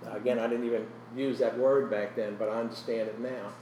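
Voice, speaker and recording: A middle-aged man tells his faith story with earnest conviction, his voice often dropping low and tender. He sits at some distance from the mic in an echoey room, and a faint hiss runs under him. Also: flat delivery, brisk. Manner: earnest storytelling, often drops to a soft, emotional voice. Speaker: guest sharing his testimony. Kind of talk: personal testimony in a Christian interview.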